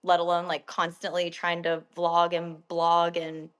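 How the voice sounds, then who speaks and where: A woman guest on a podcast, answering in a relaxed, candid way with some hesitant fillers. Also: lowish voice, unhurried. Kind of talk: casual interview chat.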